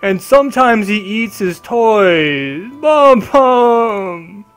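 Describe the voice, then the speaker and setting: A man voicing a big, childlike male ogre who speaks slowly in broken, simple words. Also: high-pitched, lively intonation, a bit bright, soft background music, voice pushed up, exaggerated voice. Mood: pleading. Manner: wailing, slow, simple broken speech. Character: hulking grieving male ogre, childlike and slow.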